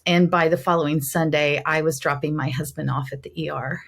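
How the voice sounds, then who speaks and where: A woman's voice: low voice, fairly even intonation, brisk. A middle-aged woman, a guest in an interview, telling her personal testimony in an earnest, heartfelt way.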